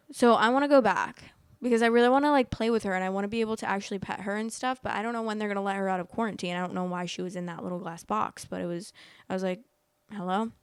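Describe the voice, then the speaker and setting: A woman's voice: mid-range voice, steady tone, rapid-fire, smooth, dry recording. A young woman hosting a casual storytelling vlog, chatty and rambling, filling her talk with "like", emotional as she tells it. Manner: chatty, rambling, many likes. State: emotional, teary. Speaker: host.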